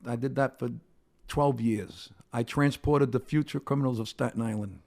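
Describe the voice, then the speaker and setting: A man's voice: mid-range voice, fairly even intonation, moderate pace, a little mellow. A man, a comedian telling brash, wisecracking stories as a podcast guest. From Brooklyn, New York. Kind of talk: casual storytelling chat.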